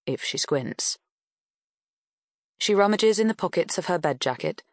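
A woman narrating an audiobook in a measured, even storytelling manner. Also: on the low side, dry recording, clean studio sound.

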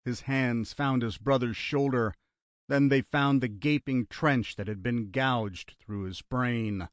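A man reads thriller narration at an unhurried pace, his tone steady and even. The recording is dry and close, with no room sound. His pitch sits in an ordinary male middle range. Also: dry recording. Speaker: audiobook narrator.

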